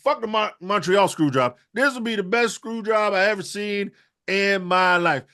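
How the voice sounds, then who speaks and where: A man with a high, bright voice delivers a rambling comic rant. His talk is loose and profane, full of riffs. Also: normal speed, clean tone. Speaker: podcast co-host. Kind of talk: comedic rant.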